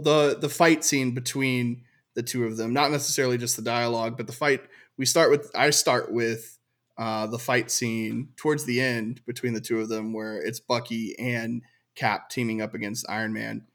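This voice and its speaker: A man co-hosting a casual podcast, thoughtful and hesitant, with many pauses and ums. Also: medium pitch, fairly even intonation, a bit bright. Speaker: podcast co-host.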